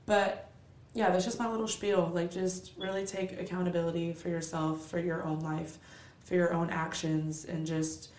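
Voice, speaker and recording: A woman's voice: fairly low pitch, level tone, normal speed, darkish tone, roomy sound, slight background noise. A woman hosting a solo podcast, ranting in a candid, blunt, profane and motivational way, tired and with a stuffy nose. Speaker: podcast host.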